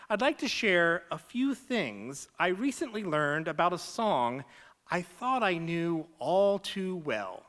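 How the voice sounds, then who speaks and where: Prof giving a ted-style talk, takes it slow, voice rises and falls a lot, very scholarly. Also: mid-range voice, fairly bright tone. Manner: scholarly, explains closely, taps out rhythms. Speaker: faculty lecturer.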